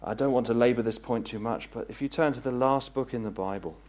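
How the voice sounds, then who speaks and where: A man preaching a gospel sermon, earnest and pleading, rising to fervent peaks and then dropping low. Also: fast talker, a little mellow. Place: meeting hall.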